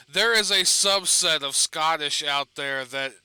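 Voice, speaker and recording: A man's voice: fairly high pitch, pushed and bright, smooth, no room sound. A man giving casual, rambling gameplay commentary while streaming, swearing and laughing between asides. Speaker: gaming streamer.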